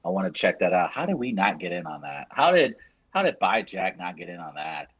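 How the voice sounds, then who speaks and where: A man's voice: deep voice, big pitch swings, a little fast, slightly rough, dry recording, highs cut off. A man co-hosting from a remote line, laughing and firing back good-naturedly in casual banter. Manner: laughing, mock-defensive ribbing. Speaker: co-host calling in.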